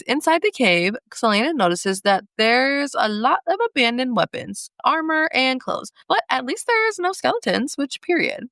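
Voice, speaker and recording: A young woman co-hosts a book podcast, recapping chapters and reading passages aloud, with gushing asides and emotional laughter. Her voice sits high with vocal fry and a slightly bright tone, recorded with no room sound.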